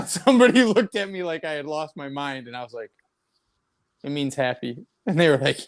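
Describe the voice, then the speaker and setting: American male guest, easygoing talker, pitch a touch high. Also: lively intonation, moderate pace, long pauses. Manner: chatty, laughs easily. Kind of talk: casual livestream chat.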